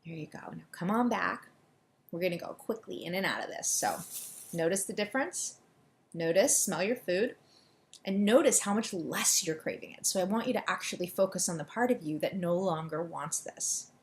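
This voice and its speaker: A woman coaching listeners through an EFT tapping session, giving quick, soothing directions and leading affirmations for them to repeat. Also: fairly low pitch, slight background noise. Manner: deliberately quick delivery.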